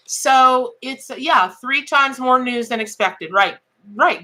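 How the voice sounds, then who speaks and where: A woman's voice: high voice, expressive, moderate pace, sharp tone. Chatty woman reading tarot live. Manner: chatty, folksy, laughs often, greets chat by name. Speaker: tarot reader.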